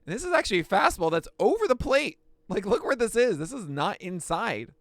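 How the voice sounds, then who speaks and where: A man hosting a pitching analysis, talking through each pitch with excitable outbursts. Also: a little fast, no echo. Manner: excitable, bursts into shouts and laughs. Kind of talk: excited play-by-play pitch breakdown.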